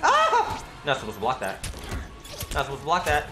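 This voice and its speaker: A man streaming a fighting game live, talking to his viewers, thanking them for likes, and swearing and shouting when he gets hit. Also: medium pitch, expressive, fast talker. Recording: roomy with game music behind.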